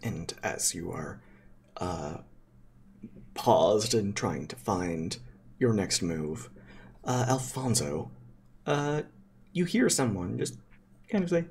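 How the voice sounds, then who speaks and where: A man's voice: on the low side, big pitch swings, slow pace, creaky, pauses often, darkish tone, slightly rough. A man narrating a tabletop game as game master, in a playful, loose style with many fillers.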